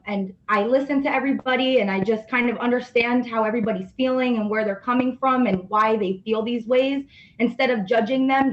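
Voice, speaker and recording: A woman's voice: a little high, highs cut off. A woman calling in to a morning call, speaking in a grateful, earnest and gushing way. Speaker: caller. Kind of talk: casual heartfelt thanks.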